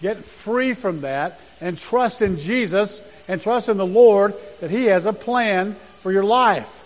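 A man with a high voice preaches a sermon, earnest and deliberate as he reads scripture aloud with weight. His words ring out with a long reverb trailing behind them. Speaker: pastor.

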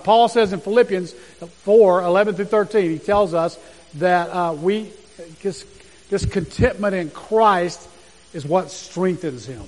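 A man preaching a sermon as pastor, talking earnestly and reading scripture aloud slowly with emphasis. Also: sits high, in a large hall, rough recording.

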